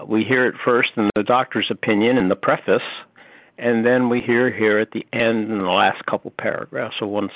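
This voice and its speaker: A man's voice: fairly low pitch, no echo. Thoughtful man over a phone line. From North Carolina, US. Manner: thoughtful, measured, many uh fillers. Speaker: meeting member sharing. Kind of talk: recovery meeting share.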